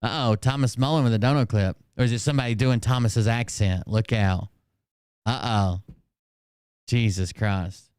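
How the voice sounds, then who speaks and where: A man talking through clips on a live stream, sarcastic and rambling, with frequent uh and um. His voice is smooth and resonant, recorded close and dry with no room sound. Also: lowish voice, normal speed, a little mellow, no room sound. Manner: reads quotes aloud, sarcastic asides, frequent fillers. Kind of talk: casual commentary.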